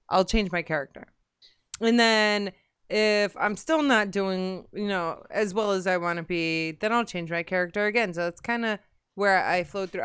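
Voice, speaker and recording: A woman's voice: fairly low pitch, a bit bright, smooth, dry recording, clean studio sound. A woman hosting a casual gaming chat stream, chatty and rambling, laughing often. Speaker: podcast host.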